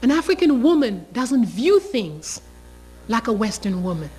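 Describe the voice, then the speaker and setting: A woman's voice: on the high side, very animated, unhurried, a little mellow, a little hiss or hum, poor audio. A woman, telling a story with passion and emphasis. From Haiti. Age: 60s. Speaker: teacher. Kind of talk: storytelling interview.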